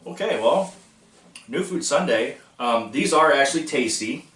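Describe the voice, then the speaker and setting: A man's voice: mid-range voice, animated, measured pace, a bit bright. A man hosting a casual food-tasting vlog, goofy and self-mocking as he jokes about snacks. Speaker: vlog host. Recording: echoey room from far off.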